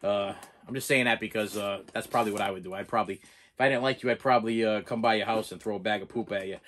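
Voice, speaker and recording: A man's voice: lowish voice, fairly even intonation, fast talker, fairly bright tone. A middle-aged man rambling and joking through a casual unboxing chat, repeating himself as he goes. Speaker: movie collector vlogger.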